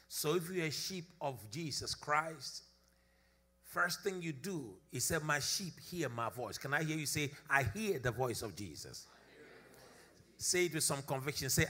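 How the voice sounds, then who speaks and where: Male preacher, higher-pitched and sharp-toned, emphatic sermon with repetition and call-and-response. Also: animated, moderate pace. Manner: emphatic, repeats phrases, calls on congregation. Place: church service.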